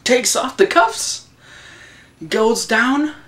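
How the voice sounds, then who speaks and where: A young man giving a casual, excitable, rambling film review, swearing and laughing as he goes. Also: extremely high pitch, extremely slow. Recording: voice a bit distant from the mic.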